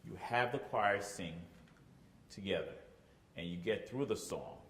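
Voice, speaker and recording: A choir director leads rehearsal, explaining step by step, often checking in with "okay?" and singing phrases to demonstrate. His low voice is gravelly, a bit bright and lively in intonation, at a measured pace. The room is echoey with long reverb.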